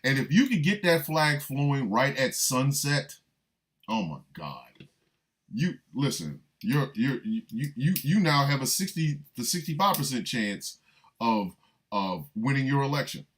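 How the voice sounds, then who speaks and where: A man's voice: mid-range voice, big pitch swings, measured pace. A man delivering a comic monologue, riffing with repeated lines and mock-incredulous asides. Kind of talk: comedic monologue.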